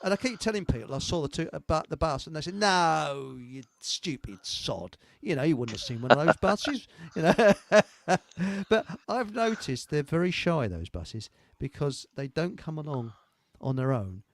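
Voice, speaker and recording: A man's voice: a little high, expressive, normal speed, gravelly, no room sound. A middle-aged man, hosting a live online show in a rambling, jokey chat and laughing at his own jokes. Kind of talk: casual chat.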